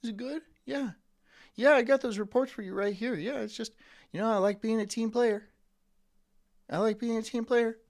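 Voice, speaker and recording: A man's voice: extremely high pitch, steady tone, moderate pace, pauses often, pitched above the performer's own voice. A man playing a fake-cheerful male office worker who makes forced, over-eager small talk.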